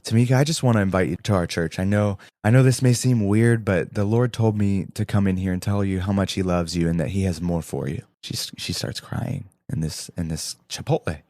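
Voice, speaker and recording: Young male podcast co-host, low voice, earnest storyteller, dry close mic. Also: brisk, few pauses, dry recording. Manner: earnest, animated storytelling with quoted dialogue. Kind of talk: storytelling testimony.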